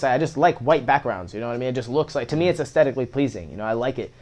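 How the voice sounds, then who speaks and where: A young man, a guest musician in a casual interview, telling stories in loose slang with lots of swearing and animated retellings. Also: medium pitch, rapid-fire, hardly any pauses.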